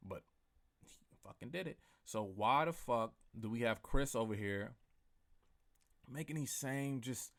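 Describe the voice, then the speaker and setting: A man hosting his own podcast in a casual solo rant, profane and rambling, swinging from loud outbursts to mumbled asides. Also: mid-range voice, lively intonation, measured pace, pauses often. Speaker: podcast host.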